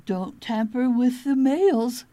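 A woman voicing a bossy, insistent female kangaroo, speaking high and emphatic in a scolding tone. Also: lively intonation, slow pace, dark tone.

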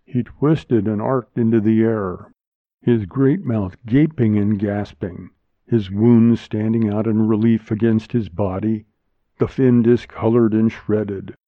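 A man narrating a short story as a volunteer reader, in a measured, hushed delivery recorded with a dull, lo-fi sound on a close mic. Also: lowish voice, dry recording. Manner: slow, measured, hushed reading. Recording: dull lo-fi dry studio sound.

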